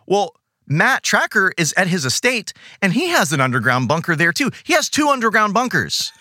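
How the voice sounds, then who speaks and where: A man's voice: sits high, wildly swooping pitch, normal speed, bright, forceful tone, no room sound. A man hosting a podcast in casual, jokey chat with theatrical asides, recorded close on a dry mic. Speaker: podcast host.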